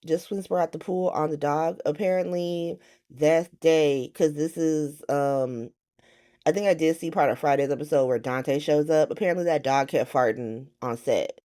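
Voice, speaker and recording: A woman's voice: deep voice, warm tone. A woman hosting a casual soap opera recap vlog, sassy and slangy, swearing freely and quoting characters with animation.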